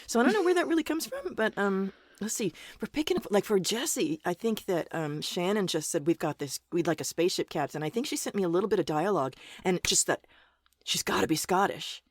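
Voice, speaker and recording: A woman's voice: medium pitch, lively intonation, brisk, no room sound, clean studio sound. A woman from Ohio who is a voice actor, chatting casually and rambling in an interview. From Ohio, USA. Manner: rambling, chatty, laughs at herself.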